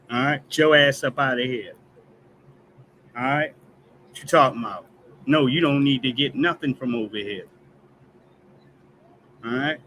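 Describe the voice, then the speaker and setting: A man's voice: medium pitch, pushed and bright, slight background noise, poor audio. A man hosting a news commentary stream, ranting emphatically and tagging lines with "all right?". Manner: emphatic, repetitive "all right?" tags, heated and profane. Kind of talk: casual commentary rant.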